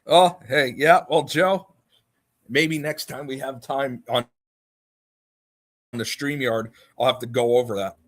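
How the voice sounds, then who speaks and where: A man's voice: mid-range voice, fairly even intonation, unhurried, pauses often. A man hosting a livestream, chatting casually and mocking others as he rambles. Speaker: livestream host. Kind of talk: casual chat.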